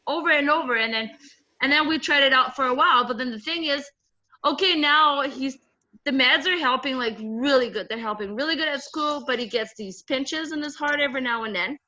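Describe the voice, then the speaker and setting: Woman, mother on a video call, high bright voice, exasperated, dull lo-fi sound. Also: brisk. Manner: frank, exasperated, repetitive. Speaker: client guest and mother. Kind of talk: casual testimony on a video call. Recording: muffled lo-fi call audio.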